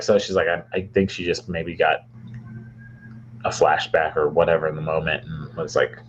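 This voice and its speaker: A man's voice: sits low, lo-fi sound, a little hiss or hum. A young man from Michigan, a podcast co-host, telling a long rambling story with lots of fillers and restarts. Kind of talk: casual storytelling chat.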